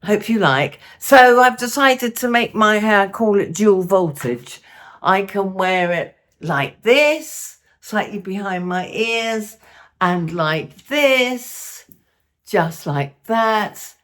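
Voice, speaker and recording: A woman's voice: medium pitch, animated, slow, roomy sound. An older woman chatting casually in her home vlog, talking to her viewers in a friendly, self-deprecating way. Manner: chatty, warm-hearted, a little self-deprecating. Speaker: lifestyle vlogger. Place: at home indoors.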